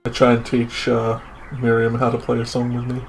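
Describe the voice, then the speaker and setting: A young man playing a tabletop game, making quiet, offhand remarks. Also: medium pitch, monotone, normal speed, creaky, slight background noise. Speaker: player. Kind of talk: casual tabletop play.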